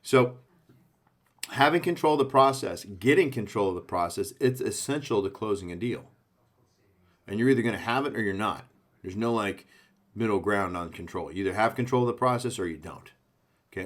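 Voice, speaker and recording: A man coaching a sales team, speaking in short punchy phrases and checking in with the listener often. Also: fairly low pitch. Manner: punchy, coaching, frequent "okay?" check-ins. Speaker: sales trainer. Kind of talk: sales training talk.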